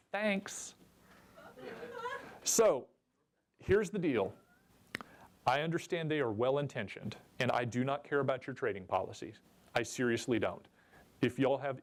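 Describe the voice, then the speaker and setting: A man giving a jokey, chatty seminar talk at a convention and asking the audience questions. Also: medium pitch. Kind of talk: live presentation to a room.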